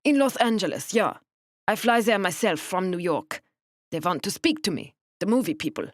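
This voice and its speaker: A woman's voice: medium pitch, animated, normal speed, dry recording, studio quality, voice pushed up, natural voice. A woman voicing a stern German woman passenger who speaks curtly with a thick German accent. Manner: curt, snappish.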